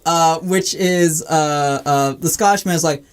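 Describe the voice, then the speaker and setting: A young man co-hosting a podcast, telling a long story in a halting, rambling way with many fillers and nervous laughs. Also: on the high side, fairly even intonation, smooth. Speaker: podcast co-host. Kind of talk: casual chat.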